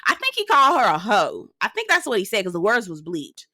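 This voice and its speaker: A woman dishing on a reality show with bright, forceful energy and a dry, close sound. She is sassy and outspoken, swears freely and tells it like juicy gossip to her viewers. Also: medium pitch, fairly quick, no echo. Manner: animated, gossipy storytelling. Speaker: reality TV recap host. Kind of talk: casual commentary.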